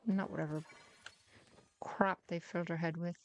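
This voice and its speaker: A woman gives loose, chatty commentary as she plays, teasing and talking half to herself. Her voice sits a touch lower than most women's. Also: fairly even intonation, normal speed, muffled recording, slight background noise. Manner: chatty, teasing, mutters to herself while playing. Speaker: gaming streamer. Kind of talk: casual gameplay commentary.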